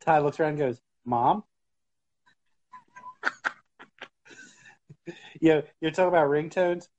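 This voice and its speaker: A man's voice: on the high side, fairly even intonation, slow pace, darkish tone, slight background noise. A man co-hosting a wrestling podcast, chatting casually and teasing his co-host. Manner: easygoing, teasing banter. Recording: dull lo-fi sound.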